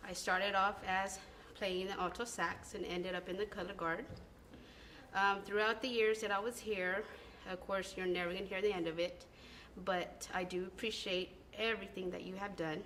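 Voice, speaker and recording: A young woman, a former band student, speaking an earnest, halting tribute message with frequent ums. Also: mid-range voice, steady tone, fairly bright tone, slight background noise.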